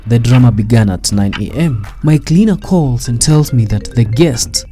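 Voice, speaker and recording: A man's voice: medium pitch, animated, moderate pace, mellow. Man narrating wryly over music. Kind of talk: scripted commentary voice-over.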